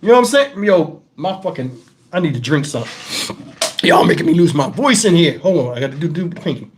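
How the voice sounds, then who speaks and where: A man hosting his channel, telling profane stories to viewers in a casual, animated way and breaking into laughter. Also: on the high side, fairly quick, background noise. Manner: talks straight to the audience with questions. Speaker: channel host telling stories to a live chat.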